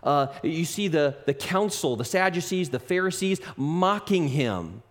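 Brief: male preacher, lively pitch, emphatic sermon, reverberant hall. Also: a little slow. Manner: animated, emphatic, addresses listeners as friend.

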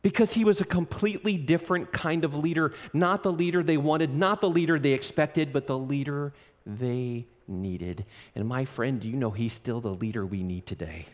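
A man preaching a sermon in an animated, emphatic way, speaking directly to his listeners. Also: mid-range voice, moderate pace, big-room sound.

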